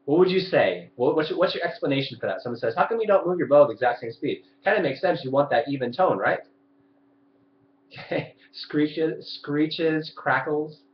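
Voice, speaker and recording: A man's voice: a little high, lively intonation, moderate pace, slight background noise. A young man teaching a live violin lesson over his webcam mic. He explains, demonstrates and asks his viewers questions. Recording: roomy, dull webcam audio.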